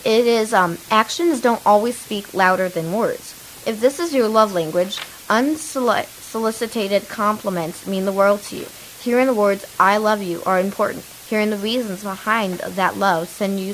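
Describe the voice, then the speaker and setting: A woman's voice: mid-range voice, fairly bright tone, a little hiss or hum, poor audio. A teenage girl co-hosting a kids' radio show, chatty and rambling, with many fillers. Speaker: young co-host. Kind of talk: casual chat.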